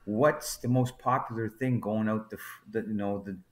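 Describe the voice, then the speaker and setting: Man, low voice, animated storyteller, podcast guest, brewery co-founder. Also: normal speed. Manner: animated storyteller, acts out dialogue in quotes. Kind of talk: storytelling anecdote in conversation.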